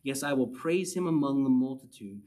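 A man teaching verse by verse from the Bible, reading passages aloud and then explaining them in a relaxed, conversational way. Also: mid-range voice, moderate pace. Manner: reads scripture then explains it conversationally, with little chuckles.

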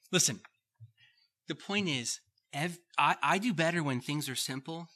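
A middle-aged male pastor preaching a sermon with fervent repetition, at times dropping into soft emotional asides. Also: medium pitch. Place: church.

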